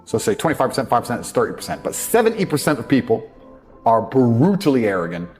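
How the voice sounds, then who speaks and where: A man's voice: medium pitch, sing-song, quick pace, darkish tone. A man gives a blunt, profane motivational speech and mocks people's excuses. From England. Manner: mocks others by acting out their excuses. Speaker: motivational speaker. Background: faint background music.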